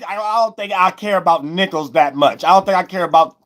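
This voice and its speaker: A man giving a loose, rambling spiritual astrology monologue, repeating himself and breaking into sudden loud, high shouts. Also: brisk. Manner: loose, preachy, repeats "you know what I'm saying", bursts into loud high shouts.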